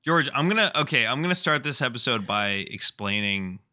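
The voice is a man's, very bright and sharp in tone. He co-hosts a podcast and swaps stories in loose, casual talk. He tells them with lively energy, curses freely and breaks into laughter as he goes. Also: mid-range voice, brisk. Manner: animated, profane, laughs while telling stories. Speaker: podcast co-host. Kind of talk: casual storytelling chat.

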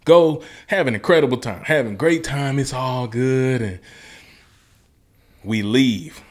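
A man's voice: mid-range voice, slow pace. A man from Memphis, earnestly telling a personal story as an interview guest in a casual, vivid way. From Memphis, Tennessee. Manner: earnest, colloquial, vivid retelling.

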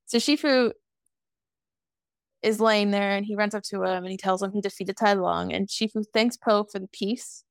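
A woman's voice: medium pitch, steady tone, creaky, clear, resonant tone, dry recording, clean studio sound. Sassy twenties woman recapping a movie. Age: 20s. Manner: sassy, swears freely, acts out lines in quick voices. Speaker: podcast co-host. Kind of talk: casual movie recap chat.

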